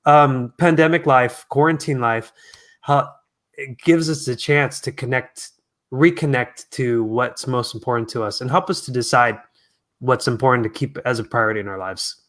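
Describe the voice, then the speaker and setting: A man's voice: medium pitch, moderate pace. Earnest, reflective man as guest. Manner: earnest, reflective, soft-spoken. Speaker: guest singer. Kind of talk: casual interview.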